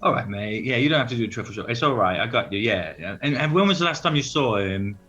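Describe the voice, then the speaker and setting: A man's voice: mid-range voice, animated, quick pace, fairly bright tone, highs cut off, natural voice. A man playing a coaxing, charming bard. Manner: coaxing, calls people mate.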